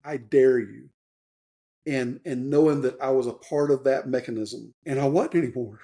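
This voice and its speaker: Warm in tone and medium in pitch, the voice belongs to a man in his fifties who speaks a little fast. A retired Army warrant officer, he recounts his story as a podcast guest, rambling earnestly through fillers and restarts and letting his emotions show openly in this conversational interview.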